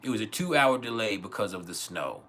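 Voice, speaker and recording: A man's voice: lowish voice, big pitch swings, a little fast, pushed and bright. A man hosting an astrology livestream Q&A from home, talking in loose, profane, rambling rants with laughs. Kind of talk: casual livestream chat and Q&A.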